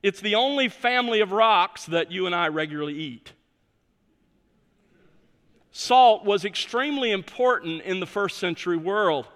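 A man's voice: sits high, expressive, moderate pace, fairly bright tone, in a large hall. A man pastor preaching a sermon, stressing key words with emphatic delivery.

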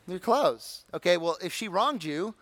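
A pastor delivers a sermon in a lively, conversational style at a slow pace, tossing in humorous asides and acting out excited congregants with high shouted impressions. His voice sits a bit high for a man, and the sound is dry and close with no room echo.

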